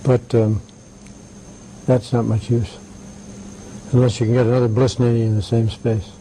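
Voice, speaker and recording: An older man being interviewed, telling anecdotes in a halting way with many "right"s and "uh"s. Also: medium pitch, level tone, warm tone, a little hiss or hum, rough recording. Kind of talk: conversational interview.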